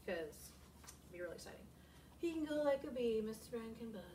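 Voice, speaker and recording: A woman teaching a class of young children, animated and expressive, asking lots of questions. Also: a little high, a little fast, a little hiss or hum. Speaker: elementary school teacher. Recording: echoey classroom, camera far off.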